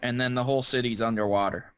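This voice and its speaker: A young man co-hosting a podcast in casual chat, joking and laughing with quick bursts of excitement. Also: medium pitch, clear, resonant tone, no echo. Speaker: podcast co-host.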